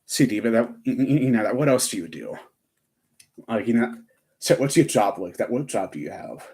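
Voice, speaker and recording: A man's voice: medium pitch, lively intonation, fairly quick, a little mellow. A young man chatting on a live stream, rambling with lots of fillers and restarts. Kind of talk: casual live-stream chat.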